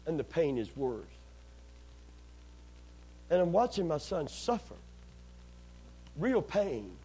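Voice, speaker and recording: A man's voice: on the high side, very animated, slow pace, mellow, husky, rough recording. A man preaching a sermon, telling a personal story earnestly, repeating phrases and calling out amen.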